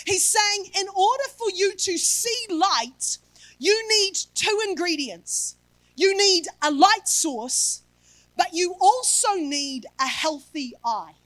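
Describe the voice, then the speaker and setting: A woman with a very high voice preaches a sermon, firing rhetorical questions and breaking into shouts for emphasis. The sound is close and dry, with no room around it. She drops to a softer, slower tone when she reads scripture. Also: lively intonation, no echo.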